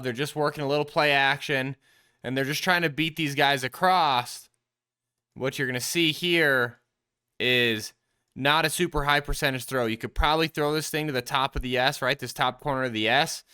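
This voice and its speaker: A man's voice: fairly high pitch, bright, forceful tone, clear, resonant tone. A man hosting a quarterback show, casually breaking down football film in a coach-like way, explaining each play step by step and calling his viewers the team. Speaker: quarterback trainer and show host.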